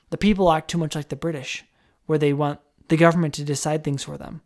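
A man's voice: a little high, steady tone, fast talker, a little mellow. Man, podcast host, casual chat, rambling, lots of restarts. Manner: rambling, with restarts, jokey put-on voices.

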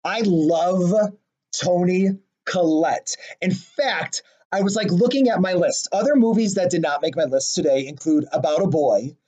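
A man's voice: high voice, moderate pace, hardly any pauses, a little mellow, slightly rough. A man co-hosting a casual chat about his favorite movies, gushing and self-deprecating, often laughing at himself. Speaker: podcast co-host.

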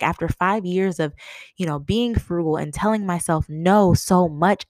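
Young woman telling a story, low voice, dry close sound, laughs and acts out what she said. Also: no room sound. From Massachusetts, USA. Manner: animated, laughing, quoting herself in a higher voice. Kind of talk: casual storytelling.

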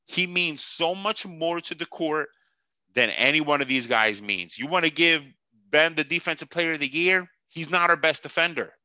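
Sarcastic, bright-voiced ranting man. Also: fairly high pitch, normal speed, dry recording, dull audio. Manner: profane, sarcastic, mocking, laughs at himself. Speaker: podcast host. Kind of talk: heated sports podcast rant.

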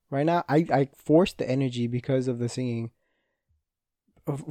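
A man's voice: mid-range voice, dark tone, no echo. Rambling, swearing young man. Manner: rambling, frequent swearing, self-interrupting. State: injured hand, restless. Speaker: podcast host. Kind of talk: casual solo podcast monologue.

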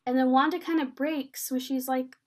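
High-voiced chatty woman. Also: moderate pace. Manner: animated, filler-heavy retelling with quoted lines. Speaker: podcast co-host. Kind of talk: casual chat recapping a TV episode.

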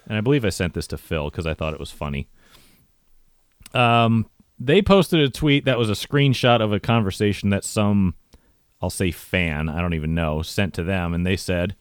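A man's voice: fairly low pitch, no echo, clean studio sound. A man hosting a casual podcast, wry and laughing often as he reads fan messages aloud. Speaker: podcast host.

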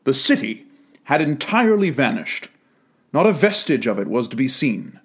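A man reading a classic story aloud, with an expressive, unhurried delivery. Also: medium pitch, breathy edge. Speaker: narrator.

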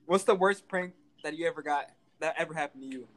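Relaxed interviewer, mid-pitched voice. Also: fast, poor audio. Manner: relaxed, hesitant phrasing, laughs along. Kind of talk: casual interview questions.

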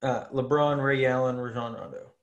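A man co-hosting a casual sports podcast, laying out his points with long, relaxed examples. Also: medium pitch, moderate pace, muffled recording. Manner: laid-back, argues with long examples. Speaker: podcast co-host.

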